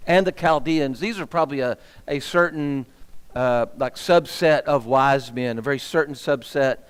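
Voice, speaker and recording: A minister leading a Bible class speaks at normal speed in a clean, medium-pitched voice, putting questions to the room and growing more fired up. His animated delivery rings with the long echo of the church hall.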